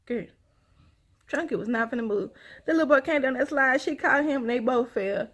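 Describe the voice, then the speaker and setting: A woman's voice: sits high, a little fast, fairly bright tone. A woman telling a rambling personal story to her viewers, sighing often and calling them y'all. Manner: chatty, addresses viewers as y'all, sighs often. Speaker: vlogger.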